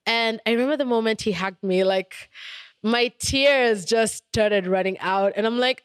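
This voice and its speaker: A woman's voice: a little high, measured pace, smooth, no room sound, clean studio sound. A young adult woman hosting a podcast, telling personal stories candidly and thoughtfully, with many "like" and "um" fillers. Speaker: podcast host. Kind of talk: reflective personal storytelling.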